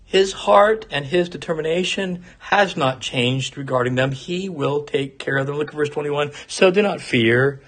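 A man preaching an expository sermon, earnest, repeating words for emphasis and at times dropping to a soft, low voice. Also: moderate pace, hardly any pauses. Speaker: pastor.

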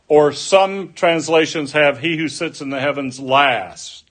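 Man, preacher, unhurried sermon delivery, folksy storytelling. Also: fairly high pitch, fairly bright tone. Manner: slow, deliberate preaching with folksy asides.

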